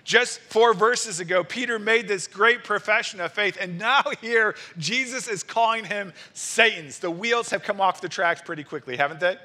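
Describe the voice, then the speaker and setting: A man delivers a sermon in a high voice with a sharply bright, forceful tone. He preaches emphatically, driving his points home with rhetorical questions. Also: moderate pace, hardly any pauses. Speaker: pastor.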